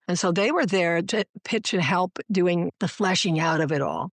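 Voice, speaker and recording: A woman's voice: lowish voice, moderate pace, dry recording. A woman showrunner, a guest on an interview podcast, telling stories and acting out quoted dialogue. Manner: animated, acts out quoted dialogue in her anecdotes. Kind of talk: conversational storytelling interview.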